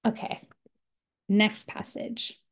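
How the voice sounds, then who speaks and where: Mellow-voiced woman teaching a writing workshop. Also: slow pace. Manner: thoughtful, explanatory, with frequent fillers. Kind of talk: literature workshop lecture.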